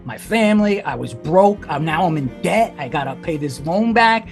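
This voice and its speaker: A man's voice: on the high side, animated, moderate pace. A man in his forties speaks as a podcast guest. He tells his story in a raw, intense way, swearing often and leaning on "like." Faint music plays under his voice. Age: 40s. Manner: candid and intense, swears, fillers of "like". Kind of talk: emotional personal storytelling.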